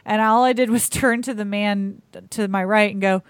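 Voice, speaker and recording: A woman's voice: mid-range voice, fairly even intonation, moderate pace, clean tone, dry recording, studio quality. A woman co-hosting a radio show, chatting casually, reading headlines and adding sarcastic quips. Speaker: radio co-host. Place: radio studio.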